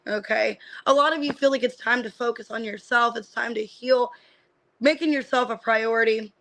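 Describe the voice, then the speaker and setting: A woman giving a casual live-streamed tarot reading. She names the cards one by one and thinks out loud as she reads them, with lots of fillers. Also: a little high, normal speed, a little hiss or hum, low-quality recording. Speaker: tarot reader.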